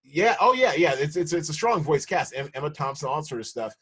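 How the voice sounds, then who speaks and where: American guy hosting a podcast, kinda high voice, rambles and restarts a lot. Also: sing-song, a little fast, fairly bright tone, husky. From United States. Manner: rambling, self-correcting, laughs easily. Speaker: podcast host. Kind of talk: casual podcast chat.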